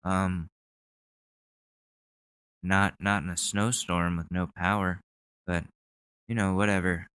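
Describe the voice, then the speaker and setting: A man's voice: sits low, flat delivery, takes it slowly, pauses often, a bit bright, clear, resonant tone, no echo. A young man hosting a podcast, rambling in casual, sarcastic commentary with plenty of swearing. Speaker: podcast host.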